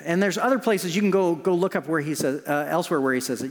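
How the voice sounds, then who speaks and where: A man preaching a sermon as pastor, telling stories with restarts and moving between lively and hushed passages. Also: fairly high pitch, fast talker, hardly any pauses. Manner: storytelling with frequent restarts, swinging between animated and hushed. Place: church sanctuary. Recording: long church reverb.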